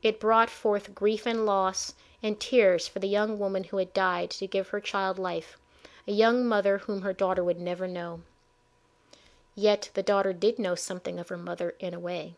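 A woman reading a storybook chapter aloud in an expressive, measured way. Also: medium pitch. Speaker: audiobook narrator. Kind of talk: storybook narration.

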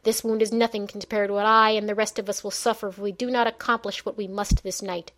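A woman's voice: medium pitch, flat delivery, fast talker, fairly bright tone, lightly acted. Old elven mage read by a woman, pained, clipped, urgent, storybook reading. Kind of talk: audiobook narration.

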